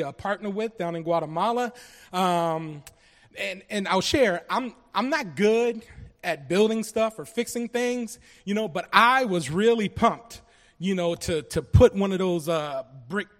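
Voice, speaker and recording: A man from Colombia giving an earnest, halting personal testimony to a church congregation, with many restarts. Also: fairly high pitch. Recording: long reverb of a large hall.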